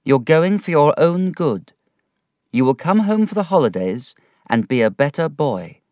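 Sad young mother in a storybook, voiced by a man; soft, sorrowful, slightly raised pitch, dry sound. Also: big pitch swings, a little slow, no echo. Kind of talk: storybook reading.

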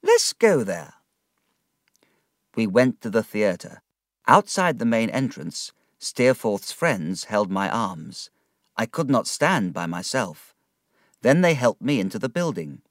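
A man reads a storybook aloud at an unhurried, deliberate pace. His low voice rises and falls expressively through each sentence. The recording is close and dry, with no room sound. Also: no room sound. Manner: slow, measured, expressive reading. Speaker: audiobook narrator. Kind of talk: scripted storybook narration.

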